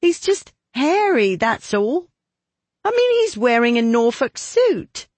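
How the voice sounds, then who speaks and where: A man voicing an excitable, chatty young woman who speaks in eager, high exclamations in a storybook. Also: slow pace, dry recording, heavily acted.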